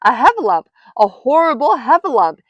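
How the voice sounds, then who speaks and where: A woman's voice: high voice, big pitch swings, normal speed, a bit bright, no echo, pitched above the performer's own voice, heavily acted. A woman voicing a small, timid male piglet who squeals and stammers in a frantic panic. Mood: panicked. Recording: dull lo-fi dry recording.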